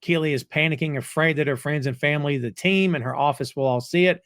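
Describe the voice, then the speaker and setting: A man's voice: on the high side, quick pace, a bit bright, no echo, clean studio sound. A man hosting a casual review podcast, retelling scenes in a chatty way with fillers. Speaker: podcast host recapping an episode.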